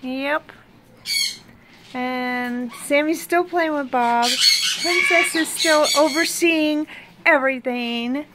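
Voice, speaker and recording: A high-pitched woman talks slowly and unhurriedly to her viewers, slipping into cooing baby talk with her pet birds. Loud squawking and clicking from the birds fills the background. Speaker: pet bird owner and vlogger. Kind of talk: casual vlog chat to viewers and birds. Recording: loud bird squawks and noise behind.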